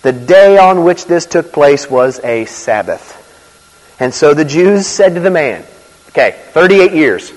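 A man preaching a sermon in a conversational, animated way, with asides and quick laughs. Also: fairly high pitch. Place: church. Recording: reverberant hall.

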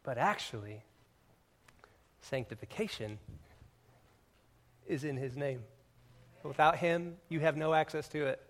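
A man preaches to his congregation in a fairly high voice. He talks casually and jokes with the crowd, then rises into loud, emphatic declarations before dropping back to quiet asides. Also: measured pace, long pauses. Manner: conversational, joking with the congregation. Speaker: pastor. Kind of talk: sermon.

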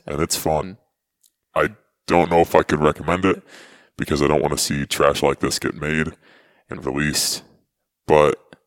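Very deep-voiced man, hesitant. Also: no room sound, clean studio sound. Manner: hesitant, many pauses and ums. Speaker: podcast co-host reviewing a movie. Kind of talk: casual movie review chat.

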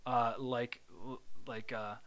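Young man, podcast co-host, crude sarcastic banter, bright tone. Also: mid-range voice, flat delivery, slow. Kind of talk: casual chat.

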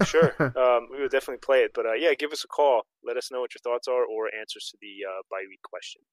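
A man co-hosting a casual gaming podcast, relaxed and dryly joking. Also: medium pitch, fast talker, dry recording, rough recording. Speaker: podcast co-host.

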